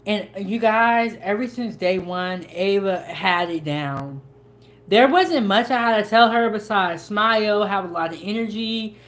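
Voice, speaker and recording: A young woman hosts a cooking channel, chatting casually as she eats. Her voice is medium-pitched and a little slow, and her folksy, chatty talk uses dialect grammar.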